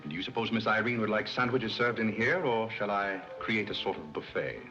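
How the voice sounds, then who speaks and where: An actor playing a dignified, reserved butler who speaks in a polite, measured, formal way in a 1930s film comedy. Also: male voice, on the low side, natural voice. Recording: muffled 1930s film soundtrack with music.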